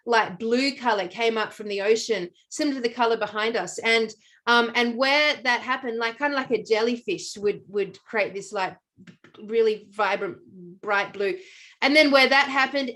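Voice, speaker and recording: Middle-aged Australian woman, casual storyteller, fairly high voice, fillers and restarts. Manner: animated, rambling, many fillers and restarts. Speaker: podcast co-host.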